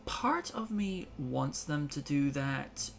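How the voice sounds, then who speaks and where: A man's voice: a little high, expressive, vocal fry, slight background noise. A man hosting a casual panel chat, joking and tossing questions to his guests. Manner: quick, jokey, tosses questions to panel. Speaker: show host.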